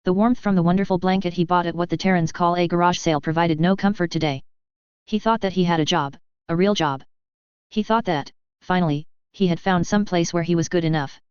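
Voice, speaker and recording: A woman narrating a science fiction story in a steady, even storytelling voice, in a dull lo-fi recording. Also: lowish voice, a little fast, smooth, no echo. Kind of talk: audiobook narration of a sci-fi story.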